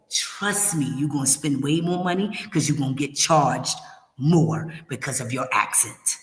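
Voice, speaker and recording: A woman hosts a livestream of relocation advice, talking straight to her viewers. She is emphatic and repeats her warnings. Her voice rings in a roomy space with a long tail of echo. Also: low voice. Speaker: relocation services host. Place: her home in Kenya.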